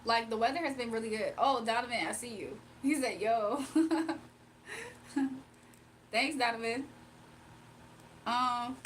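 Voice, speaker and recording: A young woman from Virginia hosting a casual livestream, reading comments aloud, emotional and quick to laugh. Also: on the high side, a bit bright, slight background noise. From Virginia, USA. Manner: emotional, giggly, talks to chat. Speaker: livestream host.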